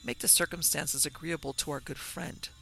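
A man reading a flattering, effusive gentleman in an audiobook, full of elaborate courtesy. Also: a little high, normal speed, vocal fry, exaggerated voice. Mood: gushing. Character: oily, flattering middle-aged gentleman.

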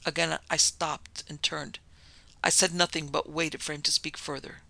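A man narrating an audiobook in a restrained, even first-person manner. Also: a little high, moderate pace, gravelly, dry recording.

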